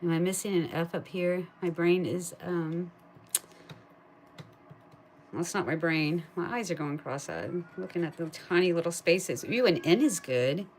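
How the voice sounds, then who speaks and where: A woman chatting casually on a live stream, thinking aloud and talking to her viewers, turning loud and excited at a win and cooing to her pet. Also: fairly low pitch, moderate pace, a little hiss or hum. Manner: gets excited and loud at wins. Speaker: live streamer scratching lottery tickets.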